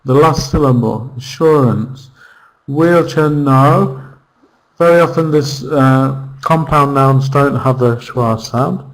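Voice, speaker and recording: A man teaching an online English lesson, slowly repeating words and pronunciations for his students. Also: mid-range voice, poor audio.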